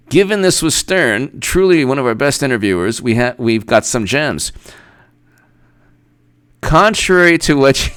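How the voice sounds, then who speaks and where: A man's voice: mid-range voice, moderate pace, fairly bright tone, clear, resonant tone. A man hosting casual political commentary, reading an article aloud and reacting with sarcastic laughs. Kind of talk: casual live-stream commentary.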